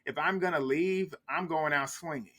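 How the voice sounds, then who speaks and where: A man's voice: on the high side, moderate pace, bright, forceful tone. A man, recapping a reality show in casual, blunt, trash-talking commentary.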